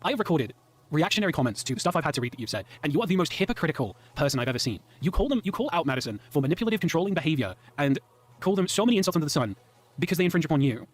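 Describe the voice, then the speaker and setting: English guy, furious rapid-fire rant, swings all over in pitch. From England. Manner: heated, indignant ranting with swearing. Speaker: commentary guest. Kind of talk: ranting commentary.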